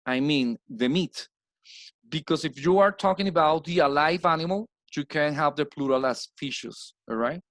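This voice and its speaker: A Colombian man whose first language is Spanish, teaching English plurals in a slow recorded slide lesson and repeating each word for drill. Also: a little high, fairly bright tone, dry recording. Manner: repeats words slowly with stressed drills.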